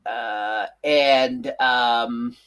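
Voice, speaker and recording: A man's voice: medium pitch, drawn-out words, clean tone. A man co-hosting a casual live talk show, telling stories animatedly and restarting his sentences often. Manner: animated storytelling with many restarts. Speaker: co-host. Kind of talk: casual chat.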